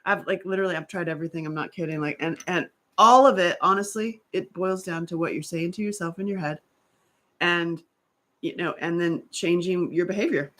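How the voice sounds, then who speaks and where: A woman talking casually to her viewers about healing, rambling and animated, often breaking off mid-sentence. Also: on the low side, brisk. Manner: rambling, animated, self-interrupting. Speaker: author and survivor advocate. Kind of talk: casual livestream talk.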